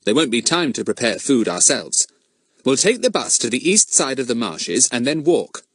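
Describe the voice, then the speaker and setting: A man's voice: mid-range voice, very animated, normal speed, a bit bright, slight background noise, pitched above the performer's own voice. A man doing a cocky clever schoolboy. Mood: confident. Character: clever confident boy, leader of young sleuths.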